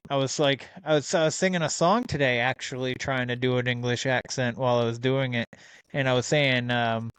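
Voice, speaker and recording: A man's voice: mid-range voice, fairly even intonation, a little fast, fairly bright tone, smooth, no room sound. A man hosting a podcast, chatting in a casual, easygoing way, with plenty of ums and laughs. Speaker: podcast host. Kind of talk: casual interview chat.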